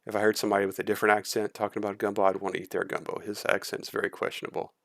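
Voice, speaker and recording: A man's voice: lowish voice, little pitch movement, very fast, gravelly, fairly bright tone, dry recording, clean studio sound. A man streaming casual reaction commentary, blunt and critical, swearing freely.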